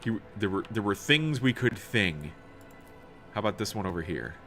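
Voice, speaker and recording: A man's voice: on the low side, very animated, normal speed, a bit bright, faint music behind. A man streaming a role-playing video game, reading its text aloud in a casual, swearing tone and tripping over words now and then.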